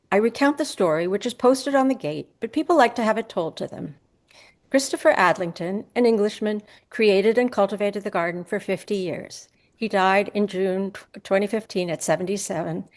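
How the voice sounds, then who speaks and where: A woman reading a personal essay aloud at a live event, crisp and brisk, brightening when she quotes people. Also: medium pitch. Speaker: essay reader.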